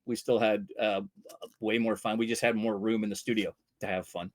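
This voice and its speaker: A man from Vancouver, a voice actor telling casual, animated anecdotes and bursting into loud character voices. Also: on the low side, moderate pace. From Vancouver, Canada. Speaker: voice actor guest.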